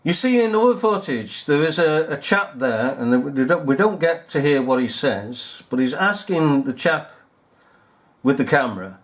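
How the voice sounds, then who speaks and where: Man, commentary over news footage, sarcastic, incredulous, lively swooping voice, slightly high. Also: moderate pace. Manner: sarcastic, incredulous, repeats himself. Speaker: video commentator.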